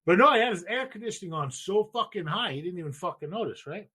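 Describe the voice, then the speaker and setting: A man in his thirties tells a long story on a podcast. His voice sits a little high with a husky edge. He rambles and swears freely, like a casual chat with friends. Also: expressive, quick pace, sharp tone. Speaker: podcast host.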